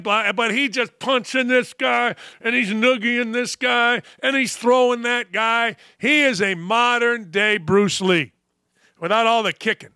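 A man's voice: sits high, no echo. A man hosting a sports talk show, delivering a brash, mocking monologue of opinionated commentary from a studio. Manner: brash, mocking, animated rants.

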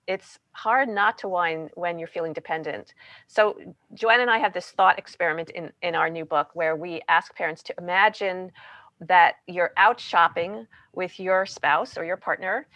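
A woman guest author explaining parenting ideas in casual chat, animated and often checking in with "right?". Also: fairly low pitch, no echo, muffled recording. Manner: animated, peppered with "you know" and "right?".

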